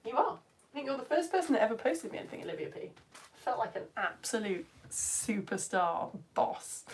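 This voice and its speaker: A woman, hosting a live science stream and chatting excitedly with viewers, her voice a little tired. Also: fairly high pitch, moderate pace, long pauses. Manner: animated, reads comments aloud, jumps between loud greetings and quiet asides. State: tired voice at end of term. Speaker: science show presenter.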